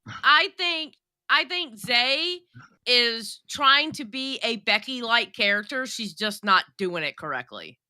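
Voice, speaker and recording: Very bright, expressive woman. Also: on the high side, a little slow, dry recording. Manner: expressive, swooping when quoting. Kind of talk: casual streamed chat.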